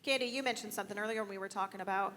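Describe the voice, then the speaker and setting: A woman's voice: mid-range voice, rapid-fire, a bit bright, big-room sound. A woman moderating a group discussion, encouraging and asking follow-up questions. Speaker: discussion leader.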